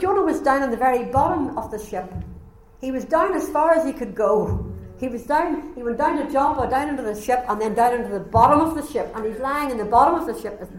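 A woman preaching a sermon, telling a story with animated delivery and acting out the voices. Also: fairly high pitch. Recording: echoey room, faint ambience.

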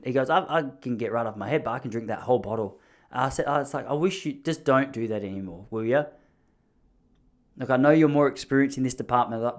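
A young Australian man chatting casually on his own, rambling and swearing, laughing easily, with his pitch jumping when he is amused. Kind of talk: casual monologue.

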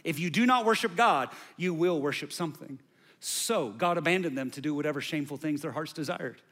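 Bright-voiced emphatic male preacher. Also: fairly quick. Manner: emphatic, swings from loud bursts to quiet low lines; conversational asides to the congregation. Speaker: pastor. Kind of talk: sermon.

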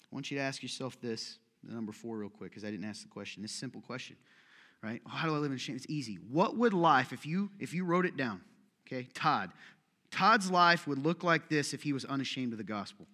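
A pastor with a medium-pitched voice, bright and pushed, preaches a little fast and with plenty of expression. Addressing the congregation in a large church hall, he speaks casually, jokes, and fires off pointed questions.

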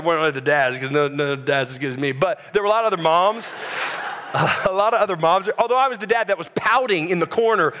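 A man, preaching a sermon as a pastor and telling a story in a conversational, animated way. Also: high-pitched.

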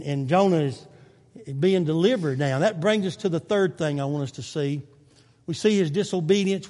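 Pastor preaching in an echoing hall. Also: male voice, high voice. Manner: preaches with swings from quiet to loud, with folksy asides. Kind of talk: sermon. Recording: long reverb of a church hall.

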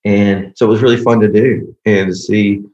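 A man who is a worship singer-songwriter, guest on a podcast, telling a story in a casual, animated way and acting out the people in it. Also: lowish voice, moderate pace, dull audio. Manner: animated, acts out quoted dialogue. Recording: roomy echo.

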